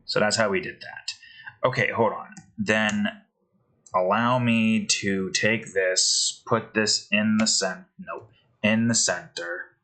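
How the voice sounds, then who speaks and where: A man talks his way through building a game, slow and unhurried, trailing off to mutter and question himself as he goes. His voice sits a little low yet has a bright, forward edge. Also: steady tone, low-quality recording. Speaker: game developer. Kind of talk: thinking aloud while building a game.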